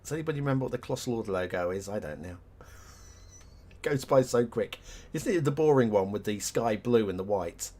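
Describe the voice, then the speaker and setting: A man's voice: on the low side, expressive, fairly quick, a little mellow. A man streaming a city-building game live, chatting casually with viewers, thinking aloud and laughing often; English is not his first language.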